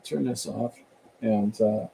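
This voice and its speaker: Mellow-voiced guy rambling on a stream while he draws, relaxed and chatty. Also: lowish voice, slow pace, gravelly, slight background noise, poor audio. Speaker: artist streaming while drawing. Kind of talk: casual live-stream chat.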